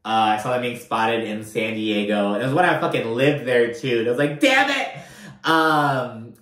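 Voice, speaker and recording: A man giving a casual, profanity-laced reality TV recap, animated and full of filler like "you know what I mean.". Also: medium pitch, fairly quick. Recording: roomy echo.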